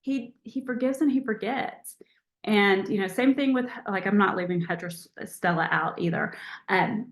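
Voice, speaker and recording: A woman leading a motivational team call over a video call in a chatty, encouraging, animated way. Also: medium pitch, echoey room. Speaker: team leader hosting a call.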